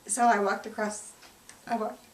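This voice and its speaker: A woman telling her own story in an interview, halting and emotional, with frequent restarts. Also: mid-range voice, flat delivery. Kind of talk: personal testimony. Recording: roomy, distant mic, faint noise.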